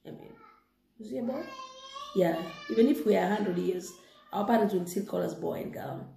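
A woman retelling a moral story and preaching, animated and excitable. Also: mid-range voice, brisk, creaky, slight background noise. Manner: animated, excitable, laughing asides. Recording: echoey room.

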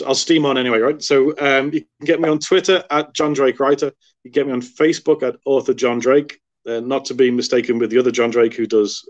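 Author guy rambling away on a call, you know-you know, kinda muffled lo-fi phone sound. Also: medium pitch. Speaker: author guest. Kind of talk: casual interview chat. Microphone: phone on a video call. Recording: dull lo-fi phone audio.

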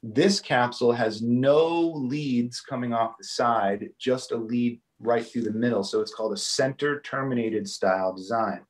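A man's voice: medium pitch, moderate pace, few pauses, low-quality recording. A man guiding a live virtual tour through a microphone factory, explaining technical details casually with frequent fillers and check-ins.

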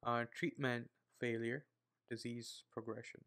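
A young man with an Indian accent reading medical study notes aloud, with many fillers and quiet muttered asides. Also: medium pitch, level tone, a little slow. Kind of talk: casual read-aloud study session.

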